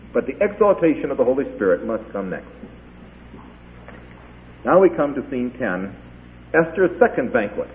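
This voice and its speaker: A man preaching a sermon, retelling a Bible story in an animated way and briefly acting out the characters' lines. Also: medium pitch. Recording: tinny phone-like sound.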